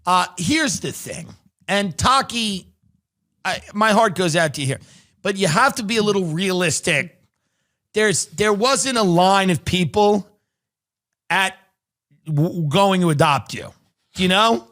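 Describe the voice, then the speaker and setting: Sardonic male comic host, thirties, reading news aloud and riffing; high, bright voice. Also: lively intonation, a little slow, pauses often. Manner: sardonic, reads news articles aloud and riffs on them. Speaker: podcast host. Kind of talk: comedic commentary.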